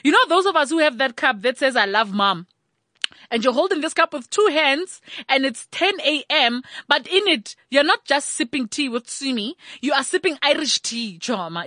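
A South African woman, a mother of several children, doing a sassy, animated comic rant full of rhetorical asides. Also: a little high, no room sound, studio quality.

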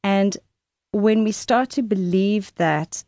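A woman's voice: medium pitch, slow pace, no echo. Candid woman sharing her story, dry sound. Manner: candid, laughs often, quotes herself in animated bursts. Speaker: guest speaker. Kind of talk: conversational Christian talk.

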